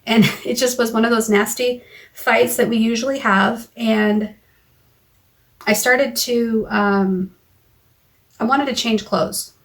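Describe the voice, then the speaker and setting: A woman vlogging into her phone, recounting a frightening argument in a halting way, with many restarts and quoted lines of dialogue. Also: on the high side, fairly even intonation. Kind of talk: personal recap vlog. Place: car or home.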